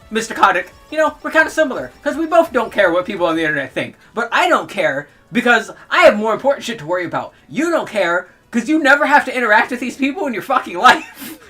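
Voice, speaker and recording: A woman's voice: a little high, fairly bright tone. A young adult woman streamer ranting in heated, profane commentary and laughing between outbursts.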